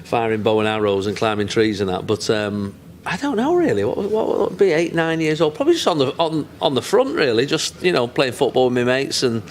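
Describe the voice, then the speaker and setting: A man's voice: mid-range voice, animated, fairly quick. Mancunian guy chatting away, jokey, lots of restarts. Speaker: comedian interview guest. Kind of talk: casual chat.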